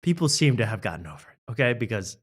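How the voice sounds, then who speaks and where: Animated man telling a funny story. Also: on the low side, fast, slightly rough. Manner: animated, self-mocking, acts out quotes. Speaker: host. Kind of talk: casual comedic storytelling.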